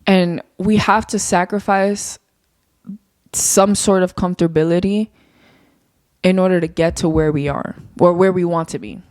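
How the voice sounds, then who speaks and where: A woman's voice: lowish voice, fairly even intonation, measured pace, darkish tone, no echo, studio quality. A young woman hosting her own podcast, talking candidly and off the cuff in a rambling way, swearing casually. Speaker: podcast host. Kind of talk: casual solo podcast monologue.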